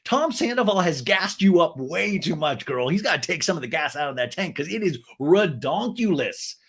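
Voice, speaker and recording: A man hosting a podcast, recapping a reality show in an animated, gossipy and profane way. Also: fairly high pitch, moderate pace, breathy edge. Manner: animated, gossipy, swears and laughs often. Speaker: podcast host.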